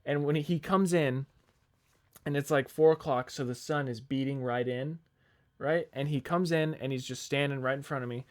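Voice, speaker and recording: A man's voice: mid-range voice, moderate pace. A young man on a podcast telling a long, rambling work story in casual chat, swearing freely and quoting the people in it. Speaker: podcast co-host.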